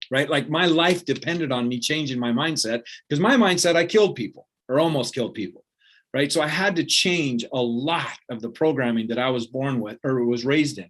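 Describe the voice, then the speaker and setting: A man speaking as a motivational speaker, with a voice of ordinary middle pitch. He talks earnestly and conversationally, tagging thoughts with quick check-ins to the listeners. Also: a bit bright. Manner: earnest, peppered with "right?" and "like". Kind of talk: motivational talk.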